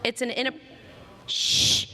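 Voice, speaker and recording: A woman's voice: slow, sharp tone, slight background noise. A woman voice actress answering fan questions at a convention panel in a chatty, giggly way. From Texas, USA. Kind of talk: casual panel Q&A. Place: large convention hall. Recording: reverberant convention hall.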